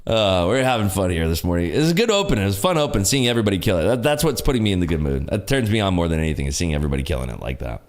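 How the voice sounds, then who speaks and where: Excitable man hosting a trading stream. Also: sits low, very fast, hardly any pauses. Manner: excitable, laughs often, cheers on viewers. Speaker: day trading livestream host. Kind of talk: casual live market commentary.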